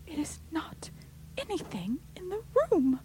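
A woman's voice: extremely high pitch, brisk, mellow, slight background noise, voice pushed up, poor audio. A woman whispering as Rebecca, a terrified, stubborn woman. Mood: fearful whisper. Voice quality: breathy whisper. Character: frightened woman, obstinate, hushed with dread.

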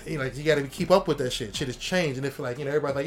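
A middle-aged man who works as a comic artist, talking casually in a rambling, profane, animated way. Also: fairly high pitch, racing, hardly any pauses. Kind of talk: casual chat.

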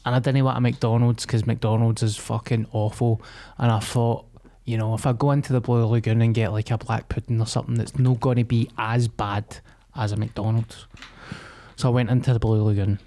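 A man's voice: medium pitch, flat delivery, a little fast, dark tone. A young Scottish man co-hosting a podcast, telling a sweary rant in casual chat. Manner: swears a lot, tells rants with acted-out quotes. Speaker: podcast co-host.

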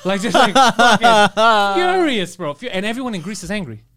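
A middle-aged man hosting a podcast, telling profane stories and acting out loud quotes. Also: high voice, rapid-fire. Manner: animated, profane storytelling with loud acted-out quotes. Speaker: podcast host. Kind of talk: casual podcast chat.

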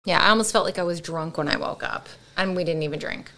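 A woman's voice: lowish voice, fast talker, pushed and bright. A woman co-hosting a casual podcast, telling stories animatedly and laughing often. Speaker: podcast co-host. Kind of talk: casual chat.

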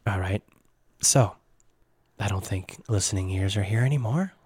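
A game master voicing a scheming male ringleader in a tabletop game, low and conspiratorial. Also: moderate pace, a little mellow, slightly rough, no room sound. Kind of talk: tabletop game role-play.

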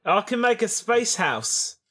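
Player doing a mock-british fantasy braggart, husky voice, lively sing-song pitch, slow jokey drawl. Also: full character voice. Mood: boasting. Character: boastful fantasy adventurer with a put-on British accent. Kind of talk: tabletop role-play in character.

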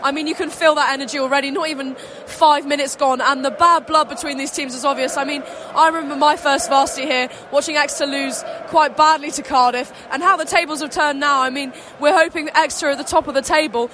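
A woman's voice: high voice, fairly even intonation, quick pace, fairly bright tone, a little hiss or hum. A young woman giving casual rugby co-commentary from a stadium stand, chatty and full of fillers. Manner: chatty, many "I mean" and "um" fillers. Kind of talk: casual match analysis.

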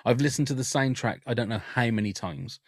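A man's voice: medium pitch, brisk, no echo. Chatty man telling stories, dry close sound. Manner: chatty, candid storytelling with frequent restarts. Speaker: podcast guest. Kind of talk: casual podcast chat.

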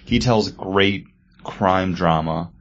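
A man's voice: low voice, slow. A man co-hosting a casual podcast chat, rambling with many fillers. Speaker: podcast co-host. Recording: dull lo-fi sound.

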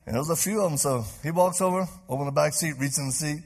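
Gravelly, husky-voiced preacher man. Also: fairly high pitch, quick pace, hardly any pauses. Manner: animated, acts out voices in stories. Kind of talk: sermon storytelling. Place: church stage before a live crowd.

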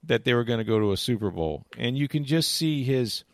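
A man's voice: mid-range voice, animated, a little fast, no echo. A man talking casually about sports, rambling with many restarts and "you know"s, and retelling game moments with animation. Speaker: sports commentator. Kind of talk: casual chat.

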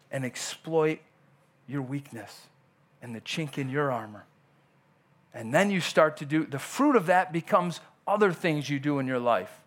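A male pastor delivering a conversational sermon in church, often acting out quoted dialogue. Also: on the high side.

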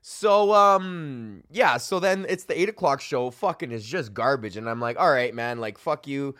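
A young man, a stand-up comic hosting his own podcast, ranting in a loose, profane, animated way and acting out what people said. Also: medium pitch, moderate pace, no room sound, clean studio sound. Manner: animated, swears constantly, acts out quotes. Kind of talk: casual profane rant.

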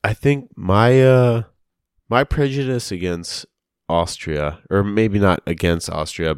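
A man's voice: low voice, darkish tone, smooth, no room sound. A man co-hosting a casual podcast, laid-back, tossing in dry factual asides. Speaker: podcast co-host. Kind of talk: casual chat.

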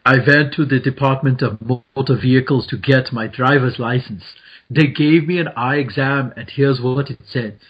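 A man's voice: medium pitch, moderate pace, slightly rough, dull audio, close to an everyday voice. A man putting on a German accent to read out a string of corny jokes in a jokey sing-song way. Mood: goofy.

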